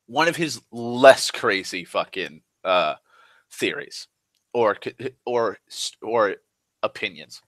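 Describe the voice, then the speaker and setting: A young man rambling through a casual vlog monologue, restless and full of restarts, swearing freely and swinging between loud and soft. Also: on the low side, expressive, slow, no echo. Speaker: vlogger.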